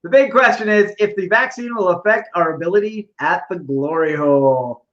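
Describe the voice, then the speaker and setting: Halting man on a dull lo-fi mic. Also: high voice, fairly bright tone. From Canada. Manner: halting, thinking aloud with many fillers. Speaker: podcast co-host. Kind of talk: casual chat. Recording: dull, lo-fi sound.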